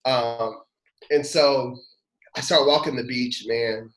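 A man's voice: mid-range voice, steady tone, takes it slowly, a bit bright. A man, a pastor and podcast guest, tells a personal testimony in an earnest, heartfelt and casual way. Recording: roomy echo.

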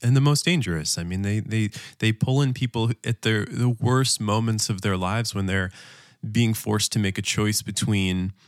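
A man's voice: lowish voice, no echo, clean studio sound. A man co-hosting a podcast as a dietitian, joking and exasperated in casual chat. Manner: joking, exasperated, talks fast in bursts.

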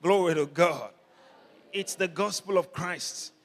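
Male pastor, high bright voice, slow deliberate sermon delivery, call-and-response, echoing church hall. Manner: call-and-response preaching, rising to shouts. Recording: long hall reverb.

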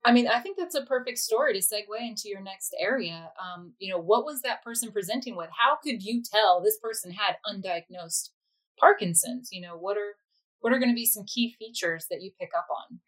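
A woman's voice: mid-range voice, brisk, fairly bright tone, low-quality recording. Woman, podcast host, interviewing, mid-range voice, friendly. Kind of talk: conversational interview questions.

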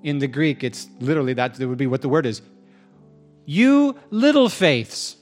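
A man preaching a sermon in a conversational, animated way, joking with the congregation in a church hall. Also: medium pitch, fast, faint music behind. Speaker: pastor.

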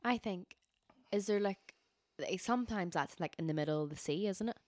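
A woman's voice: lowish voice, moderate pace, a little mellow, no echo. A young woman, co-hosting a podcast in casual chat, blunt, swearing and giggly. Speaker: podcast co-host, nurse.

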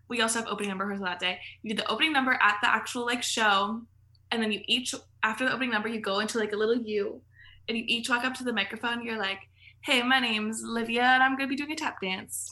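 A woman's voice: fairly high pitch, pushed and bright. A woman guest on a podcast, telling stories in casual chat, full of "like" fillers and laughing as she goes. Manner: chatty, filler-heavy storytelling with frequent laughs.

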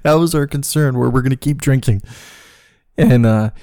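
A man hosting a podcast, telling a comic personal story in a profane, animated way, laughing as he goes. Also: medium pitch, normal speed, no echo, studio quality. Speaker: podcast host.

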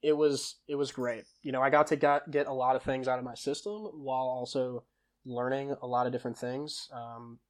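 A man's voice: medium pitch, normal speed. Casual, chatty young man. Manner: lively storyteller who laughs and acts out quoted lines; casual, with frequent fillers and self-corrections. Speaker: podcast guest. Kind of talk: conversational storytelling.

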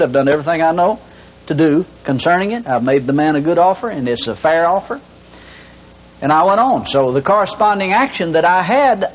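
A man's voice: on the high side, husky, rough recording. A man preaching a sermon, telling personal stories in a folksy way and often tagging on "see". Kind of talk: sermon teaching.

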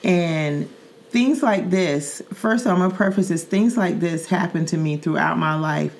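A low-voiced, middle-aged podcast host from Saint Louis, Missouri, shares a story from her own life at a measured pace in casual conversation. Her telling is earnest and vivid, with repeated words and fillers such as "um" and "like."

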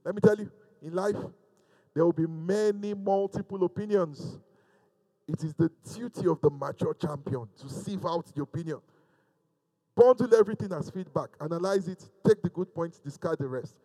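A man's voice: sits high, moderate pace, mellow, low-quality recording. A male pastor preaching a sermon, building emphatic repeated lines and joking with his congregation. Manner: preaching with rising, emphatic repetition; jokes with the congregation.

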